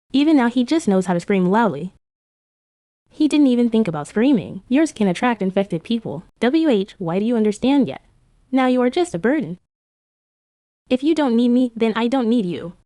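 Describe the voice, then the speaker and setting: A woman narrating a manhwa recap voice-over, reading every character's lines in one steady voice. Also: medium pitch, dry recording, studio quality.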